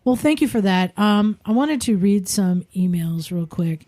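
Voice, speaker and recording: A woman hosts a relaxed podcast chat at a middling pitch. She reads listener emails aloud, and she breaks into laughter often as she goes. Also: measured pace. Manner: laughs often, chatty and loose. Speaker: podcast host.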